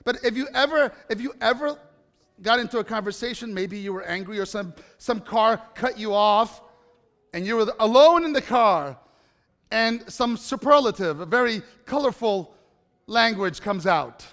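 This man's voice is high, animated, and a bit bright, moving at a moderate pace through a reverberant hall. He recounts a personal story to a live audience conversationally, often turning to question the listeners.

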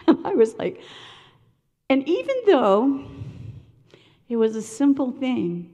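An older woman telling a personal story in a sermon-style talk, animated and acting out the voices of others. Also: on the high side, takes it slowly, long pauses. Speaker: speaker sharing a personal story. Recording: long echo of a large hall.

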